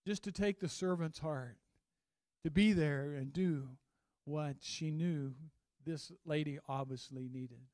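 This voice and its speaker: A male pastor preaching a sermon in a church, telling stories in a folksy, animated way with asides to the congregation. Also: a little high, slow pace, no echo, studio quality.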